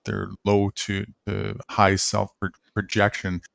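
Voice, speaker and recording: A man with a low, gravelly voice explains ideas in a measured, unhurried way. The recording is dry and close. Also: monotone, fairly bright tone, dry recording. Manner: measured, explanatory, many uh fillers. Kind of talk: casual conversation.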